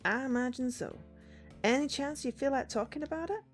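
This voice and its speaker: A woman voicing a big, scary-looking but gentle old man, talking courteously in a put-on American accent. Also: sits high, brisk, soft background music, voice pushed up, close to an everyday voice.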